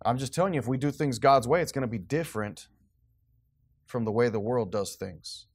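A man preaching to his congregation as pastor. He reads scripture in a slow, deliberate way. Between readings he talks plainly and conversationally, with an easy, informal manner. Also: medium pitch. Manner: reads scripture slowly and deliberately, then talks casually with laughs. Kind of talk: sermon.

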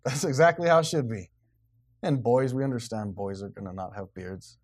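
A man's voice: medium pitch, normal speed. A man, preaching a blunt, emphatic sermon as pastor. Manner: blunt, emphatic preaching, grows loud and animated.

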